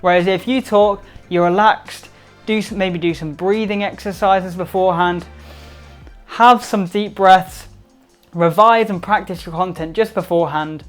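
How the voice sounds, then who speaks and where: A man giving upbeat instructional tips to camera, emphatic and varying his loudness to stress points. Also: high voice, fairly even intonation, measured pace, soft background music. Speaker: presentation skills vlogger.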